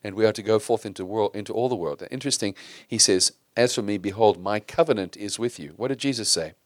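A middle-aged man preaching from the pulpit in a relaxed, conversational manner, often turning to the congregation with questions. His voice sits low, and it is recorded close and dry with little room sound. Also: quick pace, no room sound. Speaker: pastor. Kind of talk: sermon.

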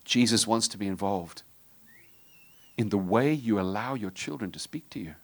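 A middle-aged man delivers a sermon, his voice sitting a little low. He mixes casual, joking asides with moments where he drops to a hushed, intense tone. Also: normal speed. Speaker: pastor.

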